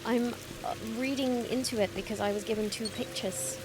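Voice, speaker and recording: A woman's voice: on the high side, steady tone, moderate pace, noisy background. A woman streaming a video game, talking through the puzzles in casual commentary, thinking aloud and trailing off mid-sentence. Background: game music.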